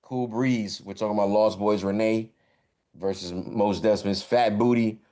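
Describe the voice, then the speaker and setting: A man's voice: on the low side, fairly even intonation, measured pace, dark tone. A man hosting a casual hip-hop podcast, laughing often and calling for each vote. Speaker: host.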